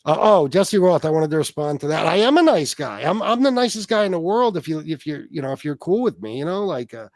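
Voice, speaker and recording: A man hosting a livestream talks in a slightly high, conversational voice. The sound is close and dry. He rambles, swears often, and reacts to chat messages as they come. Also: big pitch swings, fairly quick, few pauses, no room sound. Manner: rambling, profane, reading chat aloud. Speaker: livestream host.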